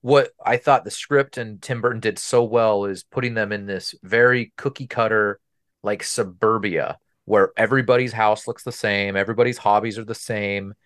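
Fairly low and fairly bright, this man's voice stays fairly even at a moderate pace. He co-hosts a podcast, discussing a film casually and at great length, his talk full of fillers and restarts.

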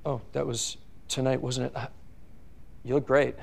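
A man's voice: medium pitch, flat delivery, normal speed, vocal fry. An actor playing a self-absorbed young man who answers sheepishly and defensively in a romance film scene. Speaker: film character.

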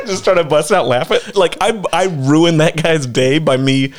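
A man's voice: a little high, moderate pace, hardly any pauses. A man co-hosting a podcast, joking and laughing through casual stories. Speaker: podcast co-host. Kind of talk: casual chat.

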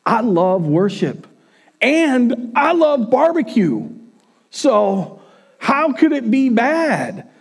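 A male pastor preaching a sermon in a church, telling the story in an animated, casual way. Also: very high-pitched, extremely slow, gravelly, husky.

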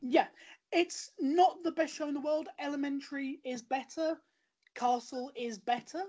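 A woman's voice: sits high, steady tone, measured pace, darkish tone. A woman chatting in a rambling way about a show she recommends, often restarting her sentences. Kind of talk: casual podcast chat.

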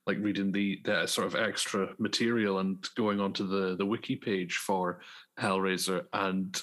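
A male co-host in a casual podcast interview, speaking in a relaxed, conversational way. His voice sits on the low side. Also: moderate pace.

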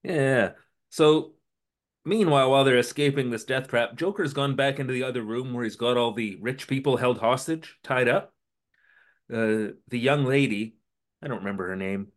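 A man co-hosting a podcast, recapping a TV episode in casual chat and briefly acting out the characters' lines. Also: medium pitch. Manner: acts out characters' lines in quick voices. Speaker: podcast co-host.

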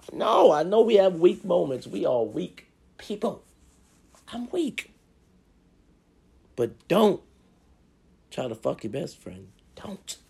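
Gravelly husky guy ranting, cussing and begging, pitch jumping all over. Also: a little mellow. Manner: profane, pleading, preachy. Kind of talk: comedic relationship rant.

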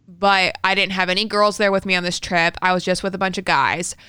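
A woman's voice: fairly low pitch, level tone, fairly quick, sharp tone, clean tone, no room sound. A woman in her thirties co-hosting a podcast, telling a personal story candidly and swearing freely. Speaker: podcast co-host. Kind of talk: casual conversational storytelling.

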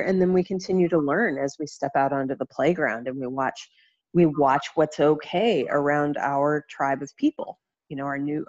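A woman in casual conversation, speaking reflectively about childhood and family messages, pausing and restarting often. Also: low-pitched, darkish tone, no echo, muffled recording. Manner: reflective, halting, many restarts and fillers.

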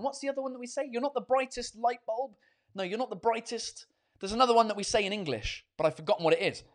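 A man hosting a casual chat with viewers, switching between English and French, animated and swearing freely, with many fillers and restarts. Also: high-pitched. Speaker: host.

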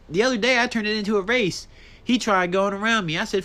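Solo podcast host, male, bright, forceful voice, casual and profane, ranting with big animated jumps in pitch. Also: quick pace.

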